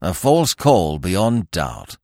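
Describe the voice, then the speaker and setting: A man's voice: low voice, big pitch swings, slow pace, a little mellow, no room sound, studio quality, heavily acted. A man voicing a grimly purposeful male investigator who speaks in clipped, urgent commands.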